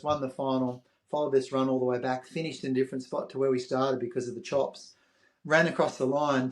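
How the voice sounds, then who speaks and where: An Australian man in his fifties, a podcast guest telling a story with animation and acting out the voices of others. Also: mid-range voice. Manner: animated, acts out quoted voices. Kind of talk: interview storytelling.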